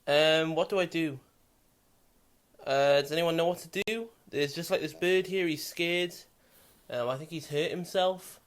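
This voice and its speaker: A man's voice: fairly high pitch, unhurried. A young man filming on his phone at home, nervous and swearing casually as he talks to the camera. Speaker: vlogger. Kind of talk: phone video narration. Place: house indoors.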